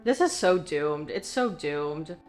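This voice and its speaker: A woman's voice: low-pitched, animated, slow, a little mellow, soft background music. A woman casually reacting to a TV episode, chatty and emotional, with lots of filler words. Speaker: TV show reaction host.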